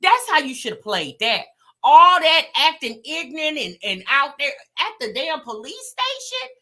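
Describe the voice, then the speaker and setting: A woman hosting a reaction channel, giving animated casual commentary straight to her viewers. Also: sits high, normal speed.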